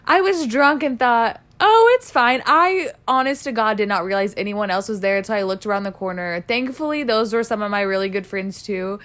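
A woman's voice: mid-range voice, brisk, hardly any pauses. A woman co-hosting a podcast, chatting casually and telling stories with lots of giggling. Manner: giggly, animated storytelling with frequent laughter. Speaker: podcast co-host. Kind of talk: casual chat.

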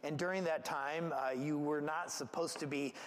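Give me a male pastor with a high voice giving a conversational, animated sermon in a long-reverb hall. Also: normal speed. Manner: conversational, animated, with restarts and asides. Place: church gathering.

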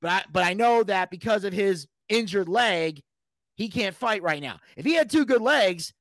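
High-voiced man telling a story. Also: normal speed, dry recording. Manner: animated, profane, acts out quotes. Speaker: podcast guest. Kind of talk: casual storytelling.

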